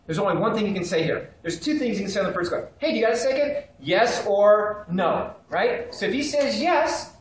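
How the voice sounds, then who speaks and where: An animated man runs a live training session, throwing questions at the room and acting out phone calls. His voice bounces around a very reverberant hall, with faint background ambience underneath. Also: high voice, normal speed, few pauses, a little hiss or hum. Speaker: sales trainer. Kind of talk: live seminar teaching. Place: seminar room with a live audience.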